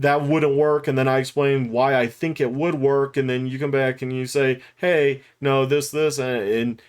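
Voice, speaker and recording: A middle-aged man giving candid, rambling commentary to the camera, with restarts and chuckles along the way. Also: medium pitch. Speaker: YouTube commentator. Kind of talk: unscripted talking-head commentary.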